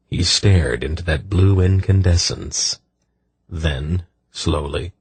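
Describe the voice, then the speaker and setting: Deep, husky male audiobook narrator. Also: dry recording. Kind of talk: scripted narration.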